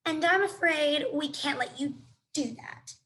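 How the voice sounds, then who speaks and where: A woman's voice: sits high, unhurried, bright, forceful tone, slight background noise, pitched above the performer's own voice. A woman voicing a sarcastic, bossy young female bear in a storybook read-aloud. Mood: threatening.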